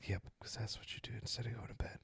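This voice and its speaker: A man's voice: fast talker, a bit bright, no room sound, whispered, clean studio sound. A man hosting a casual podcast, joking around and reading spooky stories aloud with dramatic emphasis. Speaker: podcast host.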